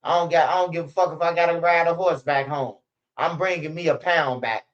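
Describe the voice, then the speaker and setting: A man's voice: a little high, fairly even intonation, fairly quick, highs cut off. A young man, telling stories in a rambling, slang-heavy, profane way as a channel host. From Chicago. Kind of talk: casual storytelling commentary.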